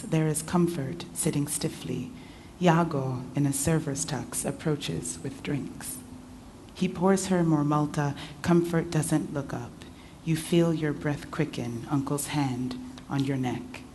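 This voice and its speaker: A woman author reading her fiction aloud at a festival in a measured, intimate voice. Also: low voice, warm tone, slight background noise. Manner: measured, intimate second-person narration. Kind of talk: literary reading. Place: literature festival event.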